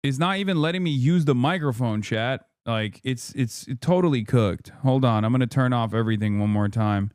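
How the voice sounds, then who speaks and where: A man's voice: medium pitch, moderate pace, hardly any pauses, a little mellow, smooth, no room sound, clean studio sound. A man hosting a live stream, frustrated and swearing as he troubleshoots his setup aloud to viewers. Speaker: livestream host.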